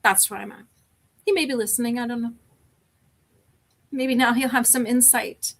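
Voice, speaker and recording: A woman's voice: a little high, fairly even intonation, normal speed. A middle-aged woman, hosting a live stream and talking candidly and emotionally in a rambling, casual way. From Canada.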